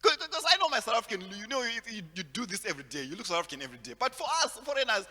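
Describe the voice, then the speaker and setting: A man from Zimbabwe delivers a stand-up set in a high, bright, sharp voice that leaps up and down as he acts out the people in his stories. His lines ring out with a long hall reverb behind him. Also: very fast. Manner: animated storytelling, acts out characters with big swings in loudness. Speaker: stand-up comedian. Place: large hall at a virtual event.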